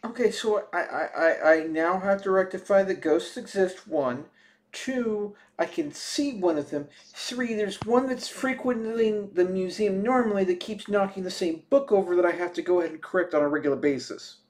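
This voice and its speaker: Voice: medium pitch, moderate pace. A player speaking in character as a flustered museum keeper in a tabletop role-playing game.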